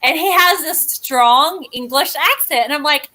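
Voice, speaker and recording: A woman's voice: high voice, unhurried, bright, forceful tone. A woman guest in casual chat who talks in a rambling, chatty and self-mocking way.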